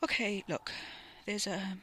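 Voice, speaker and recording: A woman voicing a young man who is tense and sarcastic, talking in halting bursts and sometimes dropping to a whisper. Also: mid-range voice, fairly even intonation, a bit bright, breathy edge.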